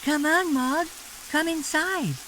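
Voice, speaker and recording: A man reading aloud and voicing a kind young boy in a children's storybook, gently coaxing. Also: very high-pitched, slow, slight background noise, voice pushed up, heavily acted.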